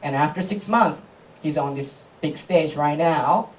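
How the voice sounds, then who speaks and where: A man from Japan with a Japanese accent, a native Japanese speaker performing a stand-up comedy set on a live club stage, landing deadpan punchlines with laughing asides. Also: fairly high pitch, a little slow, distant mic, low-quality recording.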